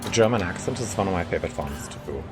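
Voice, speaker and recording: Chatty male game streamer, animated delivery, soft music under him. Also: sits low, very fast. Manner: chatty, greets viewers, bursts into excited reactions. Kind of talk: casual live-stream commentary.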